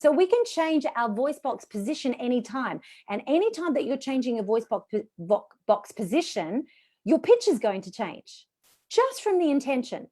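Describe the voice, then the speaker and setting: A woman's voice: high voice, sing-song, normal speed, a little mellow. Chatty woman voice coach teaching exercises. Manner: instructive, demonstrating vocal exercises; chatty and encouraging. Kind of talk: live online voice workshop.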